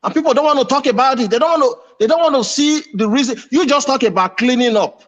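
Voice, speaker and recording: A man with a high voice argues in an online debate. He is insistent and circles back over his words whenever someone cuts in. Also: fast, a bit bright, muffled recording. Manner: insistent, repeats himself when interrupted. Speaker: panel participant.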